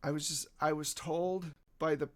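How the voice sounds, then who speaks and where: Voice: mid-range voice, very animated, normal speed, gravelly, voice pushed up. A game master voicing Jed, a panicky male cult lackey who stammers and pleads. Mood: pleading.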